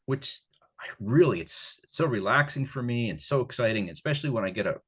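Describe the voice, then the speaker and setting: An older man from the Catskills, New York, appears as an author guest in a casual interview, rambling animatedly and restarting often. His husky voice is medium-pitched and fairly quick.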